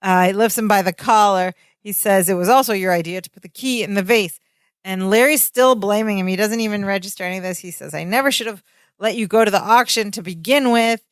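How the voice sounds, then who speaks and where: A woman's voice: mid-range voice, brisk, dry recording, clean studio sound. A woman co-hosting a podcast, recapping a sitcom episode in casual chat and acting out the characters' lines as she goes. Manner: animated retelling, acting out lines. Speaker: podcast co-host.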